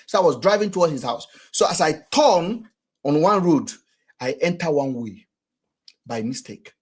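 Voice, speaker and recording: Husky Nigerian man, animated and high-pitched. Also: normal speed. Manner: animated, rhetorical, acts out quotes. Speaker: vlogger and commentator. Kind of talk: casual commentary.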